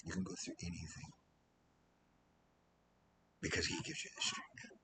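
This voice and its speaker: A man's voice: unhurried, bright, forceful tone, slight background noise, low-quality recording. A man preaching an informal sermon as a missionary, rambling and losing his train of thought now and then. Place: Philippines.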